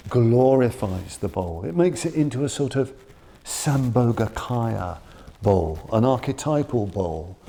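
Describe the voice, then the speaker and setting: A man giving a Buddhist dharma talk in a shrine room, reflective and earnest, dwelling slowly on key words. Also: mid-range voice, creaky, warm tone, slightly rough. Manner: reflective, earnest, quoting his teacher with slow emphasis. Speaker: Buddhist teacher.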